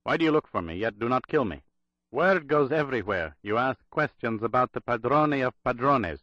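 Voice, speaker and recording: A man's voice: medium pitch, expressive, normal speed, a bit bright, no room sound, muffled recording, pitched above the performer's own voice, close to an everyday voice. A man voicing an armed mountain woman who gives firm, formal commands in an audiobook thriller. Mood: wary.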